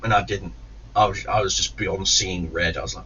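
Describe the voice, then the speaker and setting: A man's voice: low-pitched, fairly even intonation, fairly quick, bright, forceful tone. A man telling a long angry story, swearing constantly, stumbling and restarting, putting on raised voices for the people he quotes. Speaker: gaming YouTuber. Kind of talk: storytelling rant. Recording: distant muffled mic with faint hiss.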